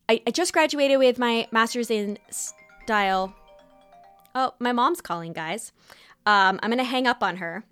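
A young adult woman hosting a podcast, talking in a chatty, animated way with quick asides. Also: fairly high pitch, no room sound, clean studio sound. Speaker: podcast host and style teacher. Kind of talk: casual podcast monologue.

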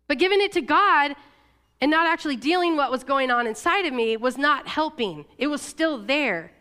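Her voice is animated and fairly bright as this woman, a church staff speaker from Oregon, USA, gives a sermon. She shares a personal story confessionally and with emotion, her pitch shifting fast.

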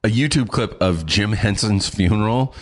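A middle-aged man telling a story in casual chat, animated and swearing, acting out what people said. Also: fairly low pitch, moderate pace. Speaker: guest.

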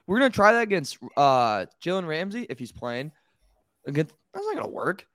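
A man's voice: fairly quick, no room sound, studio quality. A man co-hosting a sports podcast, talking animatedly and incredulously. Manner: animated, incredulous, jumps up in pitch. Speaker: podcast host. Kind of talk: casual sports talk.

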